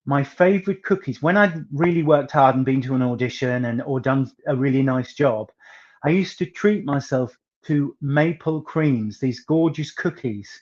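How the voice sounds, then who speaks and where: A singer from northeast England with a soft northeast English accent talks as an interview guest. He tells stories in a chatty, anecdotal way and leans on words with theatrical emphasis. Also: mid-range voice, normal speed, dull audio.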